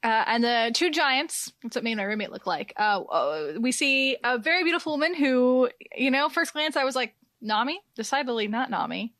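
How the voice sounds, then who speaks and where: Playful woman with a bright voice. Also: high voice, expressive, moderate pace, few pauses, no echo, studio quality. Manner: playful, laughing, self-teasing. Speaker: guest on podcast. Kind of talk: casual podcast chat.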